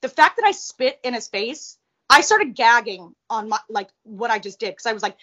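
A woman with a high voice tells a personal story in a casual interview. She is blunt and profane, with plenty of animation. The recording sounds a little muffled. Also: big pitch swings, moderate pace, fairly bright tone. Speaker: interview guest.

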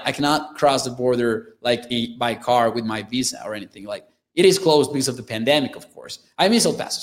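A young man from northern Mexico with a Mexican accent, hosting a live sports talk show, reading chat comments and often repeating words as he talks. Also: medium pitch. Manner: quick, restarts and repeats words, animated. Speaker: sports podcast host.

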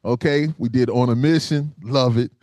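An older man hosting a podcast interview, talking in an animated, casual way, laughing often and calling his guest "man". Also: mid-range voice, normal speed, no echo. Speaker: podcast host.

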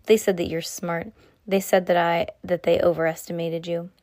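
A woman's voice: fairly low pitch, moderate pace, no echo, studio quality, natural voice. A woman reading as a smug villain chef. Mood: menacing. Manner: smug, sarcastic, calmly threatening. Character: sly menacing male villain chef. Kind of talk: read-aloud storybook dialogue.

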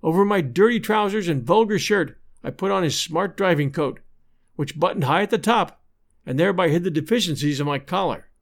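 A man narrating a classic adventure novel in a measured, even storytelling manner. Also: sits high, gravelly. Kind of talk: scripted audiobook narration.

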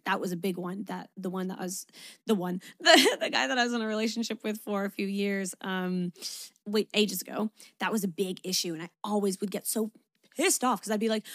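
A woman's voice: mid-range voice, moderate pace, no echo, clean studio sound. A young woman hosting an advice podcast, talking candidly and emphatically, swearing freely and using lots of fillers. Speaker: podcast host.

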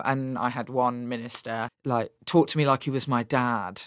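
A woman with a Birmingham English accent talks candidly in an interview. She is blunt and animated and swears freely. The sound is dry and close. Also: a bass voice, moderate pace, clean tone, dry recording. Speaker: politician guest.

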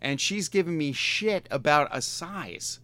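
A man's voice: fairly high pitch, expressive, a little slow, sharp tone. A man in his fifties telling a story in casual chat, exasperated and profane, with frequent stammering restarts. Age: 50s.

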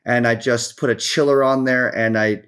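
Podcast guest, male, mid-pitched, rambling and animated, acts out quotes. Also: normal speed, clean tone. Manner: rambling, full of restarts and fillers. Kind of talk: casual chat.

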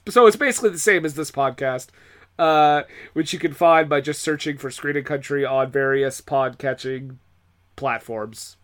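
Casting: casual podcast host, a man with a slightly high voice, jokey and rambling. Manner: rambling, hesitant, joking. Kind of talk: casual chat.

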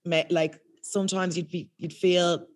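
A woman's voice: fairly low pitch, a little slow. A woman from Ireland with an Irish accent, chatting as a comedian guest over a video call. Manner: chatty, animated storyteller. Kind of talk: casual chat. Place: outdoors in public.

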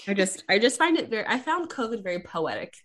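A woman's voice: mid-range voice, sing-song, fast, crowd noise. A young woman co-hosting a podcast, chatting casually and telling stories with playful voiced quotes. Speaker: podcast co-host. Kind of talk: casual chat.

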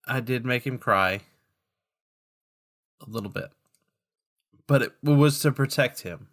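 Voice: mid-range voice, slow pace. A player in a tabletop role-play who speaks in character, hesitant and earnest.

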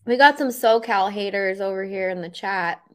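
A woman's voice: mid-range voice, normal speed, a bit bright. A woman from Southern California chatting playfully as a podcast guest. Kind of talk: casual podcast chat.

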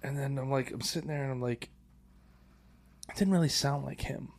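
A man's voice: medium pitch, normal speed, creaky. A man co-hosting a podcast, telling a story in casual chat, acting out voices, swearing and laughing often. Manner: animated, acts out quoted voices, swears a lot, laughs often. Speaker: podcast co-host.

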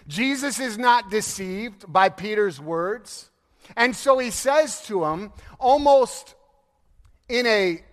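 A male pastor with a high voice delivers a lively, story-driven sermon, laughing as he acts out the people he quotes. A long hall reverb hangs on the recording.

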